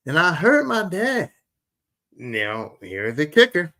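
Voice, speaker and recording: Philly guy on a podcast, middle aged, bright voice, storytelling and repeating himself for emphasis. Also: medium pitch, moderate pace. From Philadelphia. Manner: animated, repetitive, emphatic retelling. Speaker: podcast host. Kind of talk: casual storytelling.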